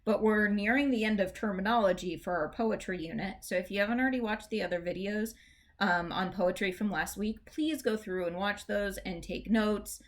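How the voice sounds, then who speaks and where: A woman's voice: mid-range voice, normal speed. A woman teacher giving a recorded lesson on poetic meter, patiently explaining and reading lines of verse aloud with the stressed beats drawn out. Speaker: English teacher.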